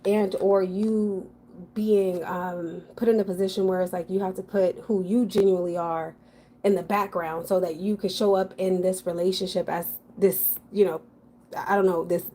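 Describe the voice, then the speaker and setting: A woman's voice: medium pitch, a little mellow, slight background noise. Chatty woman giving a frank tarot reading. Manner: frank, chatty, thinking aloud with fillers. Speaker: tarot reader. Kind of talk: casual general tarot reading.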